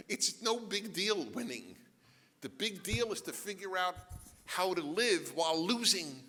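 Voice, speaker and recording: Animated man lecturing in a reverberant hall. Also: high voice, a little slow, slight background noise. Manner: animated, joking asides, rhetorical questions. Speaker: author giving a talk. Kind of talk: lecture to a live audience. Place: large event hall.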